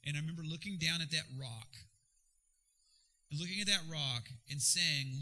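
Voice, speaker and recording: A man preaching a sermon in an animated, jokey way with sudden bursts of energy. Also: on the high side, normal speed, pauses often, poor audio. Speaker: pastor.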